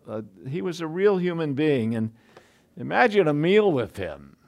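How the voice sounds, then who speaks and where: A man's voice: on the high side, very animated, normal speed, vocal fry, a little mellow. A man preaching a sermon in a conversational way, full of asides and restarts.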